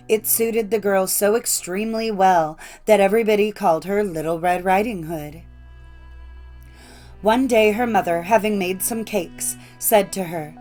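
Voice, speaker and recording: A woman reading a classic fairy tale aloud in a measured, clear storytelling manner. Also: mid-range voice, a little mellow. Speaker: audiobook narrator. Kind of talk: scripted storybook narration.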